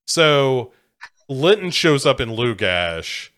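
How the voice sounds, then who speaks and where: A man's voice: mid-range voice, big pitch swings, slow, fairly bright tone. A man summarizing a film plot in casual talk, with many fillers.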